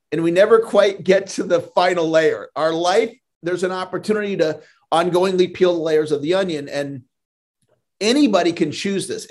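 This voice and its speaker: Man, sales trainer on a podcast, upbeat and earnest, slightly high-pitched. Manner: earnest, motivational, repeats words when starting. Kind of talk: podcast interview.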